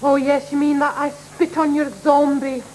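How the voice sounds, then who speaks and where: An actress playing a naive, meek wife who asks slow, innocent questions in a TV sketch. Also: female voice, high voice, flat delivery, noisy background, lightly acted. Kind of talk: 1980s TV sketch comedy.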